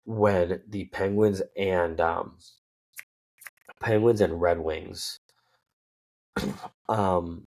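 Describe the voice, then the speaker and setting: A man with a very low voice, from Minnesota, hosts a casual sports show. He rambles, stops to correct himself and fills gaps with ums and uhs. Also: steady tone, drawn-out words, gravelly, pauses often, a little mellow. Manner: rambling, self-correcting, lots of fillers. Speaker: sports podcast host.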